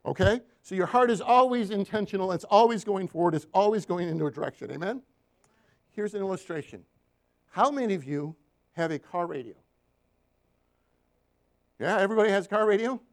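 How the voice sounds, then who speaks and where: This man's high voice moves briskly but breaks for long pauses as he delivers a sermon. He recounts counseling stories with animation and asks his listeners for amens in call-and-response.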